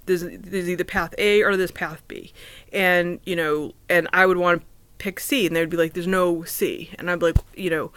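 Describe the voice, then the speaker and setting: A woman talks to her camera from her own apartment in a loose, personal way. She stumbles and restarts often and leans on "like" and "um". Her voice comes through smooth and resonant, recorded close and dry. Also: fairly low pitch, fairly bright tone, no room sound. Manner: halting, with many restarts and fillers, stumbles over words. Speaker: vlogger. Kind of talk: casual personal talk to camera.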